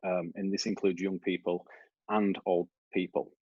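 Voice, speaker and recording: A man's voice: low voice, little pitch movement, normal speed, dark tone, slightly rough, no echo, muffled recording. Yorkshire man lecturing over a video call. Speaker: researcher giving a talk. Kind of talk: online academic presentation.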